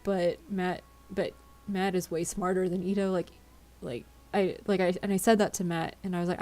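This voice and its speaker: A woman's voice: fairly low pitch, steady tone, moderate pace, a little mellow. A tired woman chatting casually with her viewers on a live stream, giggly and often tripping over her words. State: tired, yawning.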